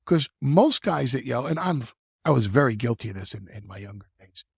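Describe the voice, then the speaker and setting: Gravelly, animated man on a podcast. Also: medium pitch, fairly quick, no room sound, studio quality. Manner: animated, stumbling restarts, stretches words for emphasis. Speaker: wrestling manager guest. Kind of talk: podcast conversation.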